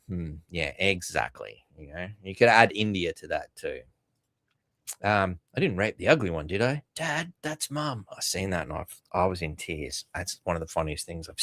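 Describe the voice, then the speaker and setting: A man's voice: lowish voice, no room sound, clean studio sound. A man hosting a podcast, rambling and sarcastic with frequent swearing and fillers. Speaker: podcast host. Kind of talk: casual commentary.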